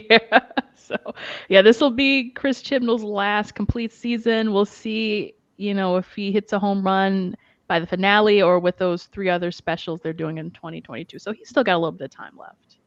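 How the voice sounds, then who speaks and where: A woman's voice: mid-range voice, steady tone, moderate pace, no room sound. A woman co-hosting a podcast in casual chat, talking freely and laughing often. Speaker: podcast co-host. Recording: dull muffled podcast audio.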